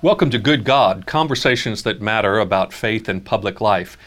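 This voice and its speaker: Male host, faith interview, measured delivery with fillers. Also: on the low side, lively intonation, noisy background. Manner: measured, with filler uhs and restarts.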